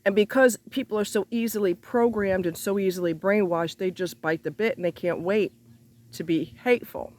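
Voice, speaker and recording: A woman ranting straight to her viewers in an angry monologue, full of cursing and repeated rhetorical questions, her voice jumping up high when she gets heated. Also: moderate pace, a little mellow, slight background noise. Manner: indignant, profane, rhetorical questions, pitch leaps when heated.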